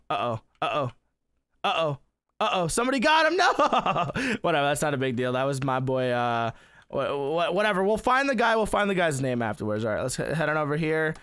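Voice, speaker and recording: A young man giving excitable let's-play commentary on a game, often exclaiming and laughing. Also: a little high, clear, resonant tone, no room sound. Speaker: gaming YouTuber.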